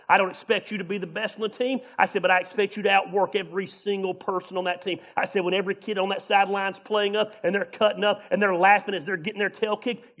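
A man preaches with a high, bright voice. His sermon is folksy and animated, full of laughter, and he acts out little scenes as he goes. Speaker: pastor.

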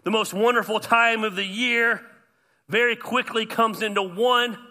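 A man, a pastor preaching an animated sermon with self-deprecating humor. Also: high voice, measured pace. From US South.

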